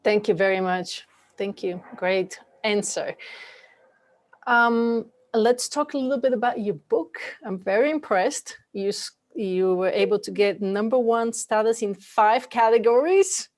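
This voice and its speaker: A woman hosting an interview podcast over a remote call, friendly and given to soft laughs. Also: mid-range voice, measured pace. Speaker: podcast host.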